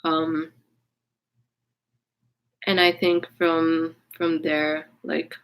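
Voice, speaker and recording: A woman with a low, fairly flat voice speaks very slowly on a low-quality recording. She's a vlogger telling a personal story in a casual vlog, rambling candidly with frequent restarts, fillers and casual swearing.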